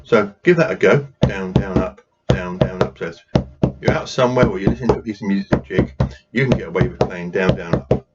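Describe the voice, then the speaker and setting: Low-voiced man teaching drum rhythms. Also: brisk, over loud music. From England. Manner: patient, counts beats aloud. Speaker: drumming workshop teacher. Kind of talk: demonstrating drum rhythms while counting. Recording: dull lo-fi sound with noise.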